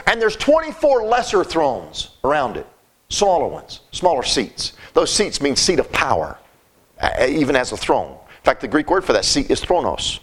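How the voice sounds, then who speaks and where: A high-pitched man preaches a sermon, talking to his listeners in a folksy, emphatic manner. He often stumbles and repeats words as he builds each point. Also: wildly swooping pitch, normal speed.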